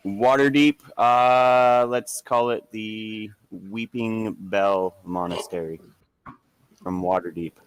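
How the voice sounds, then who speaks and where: A man playing a tabletop game, speaking in character in a slow, earnest, hesitant way. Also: lowish voice, fairly even intonation, clean tone, no room sound. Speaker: player.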